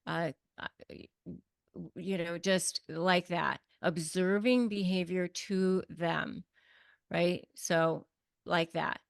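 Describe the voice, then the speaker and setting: Woman guest expert, low gravelly voice, blunt coaching delivery, dry close sound. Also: fairly even intonation, takes it slowly, dry recording. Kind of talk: conversational advice.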